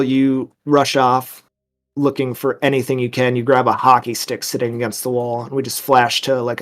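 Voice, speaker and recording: A man narrating a tabletop horror game as game master, describing scenes cinematically. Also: medium pitch.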